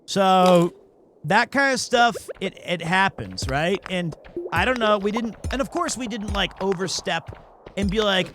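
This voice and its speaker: A man streaming a game, telling a long rambling anecdote in a casual, animated way, often restarting his sentences. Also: high voice, a little slow, over music. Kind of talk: casual storytelling while playing a game.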